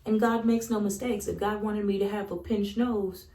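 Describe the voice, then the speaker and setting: A woman's voice: mid-range voice, fairly even intonation, moderate pace, mellow. Blunt, profane woman, echoey room. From Southern United States. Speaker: vlogger. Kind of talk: candid casual monologue.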